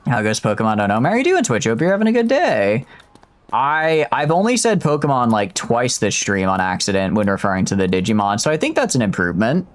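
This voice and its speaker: A young male streamer rambling through casual gameplay commentary with a jokey manner. His pitch moves in a lively way, and his voice sits in the middle range. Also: brisk.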